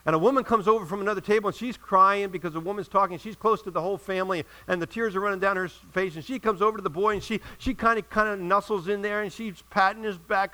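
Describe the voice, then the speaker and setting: A male pastor preaching a sermon in a church, telling a story and rising to loud emphatic peaks before dropping to quiet asides. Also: high-pitched, steady tone, quick pace, few pauses, low-quality recording.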